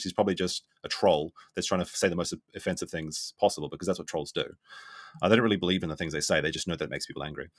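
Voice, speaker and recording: A man commenting on a live stream, reading chat messages aloud in a skeptical, blunt way and thinking out loud. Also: lowish voice, dry recording, studio quality. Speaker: streamer reacting to a documentary.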